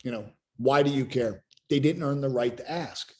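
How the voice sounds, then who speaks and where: A man hosting a live coaching Q&A on a video call, explaining with emphatic, animated energy. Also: mid-range voice, moderate pace. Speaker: sales coach and host.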